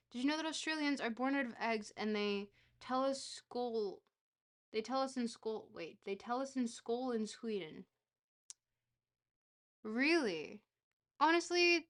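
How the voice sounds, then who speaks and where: A woman's voice: fairly high pitch, lively intonation, a little slow, fairly bright tone. A woman streamer chatting casually while playing a geography game, rambling and joking with a bit of casual swearing.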